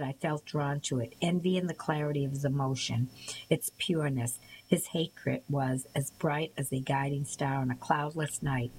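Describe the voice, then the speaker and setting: Low female narrator, measured audiobook read, light hiss. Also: rough recording. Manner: measured, even storytelling with occasional small slips. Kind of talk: scripted narration.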